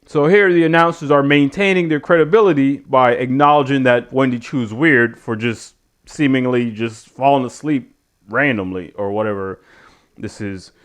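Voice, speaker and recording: Speaking at medium pitch and a moderate pace, this man hosts a casual show reviewing wrestling. He rambles with a sardonic edge and swears freely throughout his rant.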